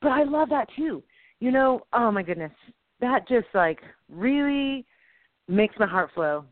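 A woman co-hosting a casual faith talk show, rambling and exclamatory in an animated way. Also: fairly high pitch, normal speed, dry recording. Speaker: podcast co-host. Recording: tinny phone-like, dry.

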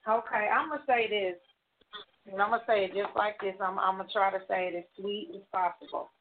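A woman's voice: mid-range voice, fairly even intonation, a little fast. A middle-aged woman co-hosting a radio talk show, speaking earnestly and from the heart, repeating herself for emphasis. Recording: tinny phone-line sound with hiss.

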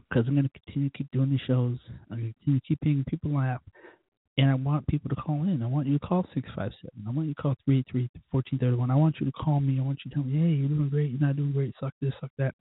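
Guy ranting on his podcast, swears every other word, scattered and down on himself, breathy voice, dead dry sound. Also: medium pitch, dry recording, narrow, tinny audio. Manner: cursing constantly, self-deprecating, scattered. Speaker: podcast host. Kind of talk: rambling, profane solo podcast talk.

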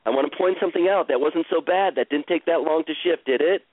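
Man coaching slowly over a tinny line. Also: fairly high pitch, no echo. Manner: slow, soothing, repetitive guidance. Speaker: host coaching a caller. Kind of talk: live coaching session.

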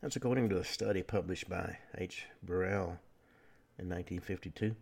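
A man hosting a talk radio show, delivering a lecturing monologue with frequent pauses and fillers. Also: low voice, creaky, a little mellow, husky.

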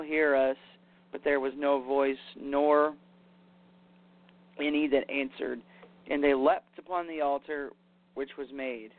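A man with a voice on the high side preaches casually, reading scripture and restating it in conversational terms like "basically" and "you know." The recording is dry, with a tinny, phone-like sound.

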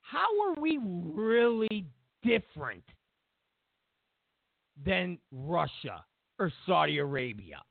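Gravelly, animated male commentary host. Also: high voice, slow pace, pauses often, dry recording. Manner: emphatic, repeats and lists points, sarcastic asides. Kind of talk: opinionated political monologue. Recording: tinny phone-like dry sound.

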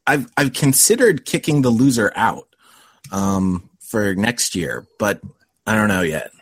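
A man's voice: fairly low pitch, expressive, unhurried, breathy edge, dry recording. A man guesting on a podcast in casual chat, dry and matter-of-fact. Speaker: podcast guest, fellow host.

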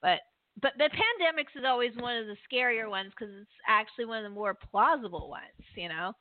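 A woman's voice: fairly high pitch, expressive, brisk, dry recording. A woman hosting a call-in show, talking casually with frequent laughs and stammered restarts. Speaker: podcast host. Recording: tinny phone-line call-in audio.

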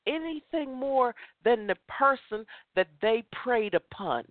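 A woman's voice: fairly high pitch, expressive, slow, few pauses, no room sound. A woman hosting a women's chat show, giving an impassioned motivational talk and repeating phrases for emphasis. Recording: tinny phone line, dry.

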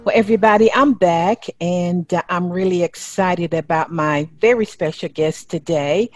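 A woman's voice: on the low side, moderate pace, faint music behind. A woman with a Southern American accent hosting a radio interview show, speaking with upbeat enthusiasm.

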